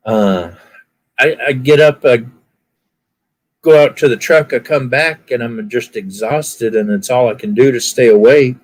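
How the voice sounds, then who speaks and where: A man's voice: medium pitch, a little slow, rough recording. A man chatting casually, telling folksy stories and acting out the people in them with raised voices. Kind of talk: casual storytelling chat.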